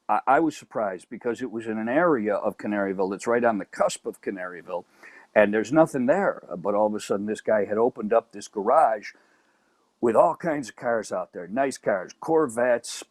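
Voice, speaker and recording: Here the Chicago man's medium-pitched voice comes through with no room sound as he tells a humorous story on someone's podcast. Full of energy, he stammers, doubles back on phrases, and performs each character's voice.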